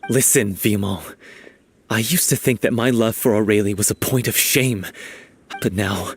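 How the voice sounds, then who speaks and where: A man's voice: lowish voice, moderate pace, soft background music, natural voice. An actor voicing an earnest, resolute young male troupe member in video game dialogue.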